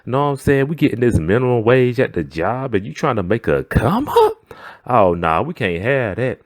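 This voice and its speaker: A man's voice: mid-range voice, big pitch swings, moderate pace, no room sound, clean studio sound. A man telling a workplace story in a slangy, chatty way, often checking in with the listener. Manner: slangy and chatty, often asking "know what I'm saying". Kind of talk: casual storytime.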